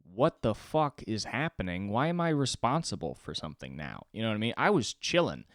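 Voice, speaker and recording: A young man with a very low, smooth voice hosts his own comedy podcast alone. He rambles and swears, jumping from loud outbursts to low mumbles, and the recording is close and dry. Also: no echo. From Los Angeles. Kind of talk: solo podcast monologue.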